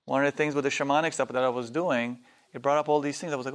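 A man's voice: mid-range voice, fairly even intonation, fast talker, few pauses. A man leading a spiritual workshop in a loose, casual way, swearing freely and acting out voices when he tells stories. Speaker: workshop teacher. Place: workshop hall.

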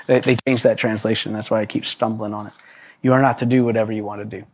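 Talking quickly in a lowish voice, this pastor tells stories through his sermon. He laughs frequently, restarts many times, and performs the voices of those he quotes with lively animation.

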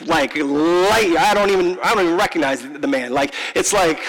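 A man preaching a sermon, telling a personal story in a heartfelt, halting way, often repeating words and slowing down for emphasis. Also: high-pitched, expressive, fairly bright tone, long reverb tail, poor audio. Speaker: pastor. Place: large church.

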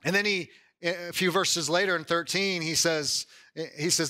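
A pastor with a voice on the high side preaches at a measured pace in a conversational style, often saying "like" and "right?" He becomes animated whenever he voices someone's doubts.

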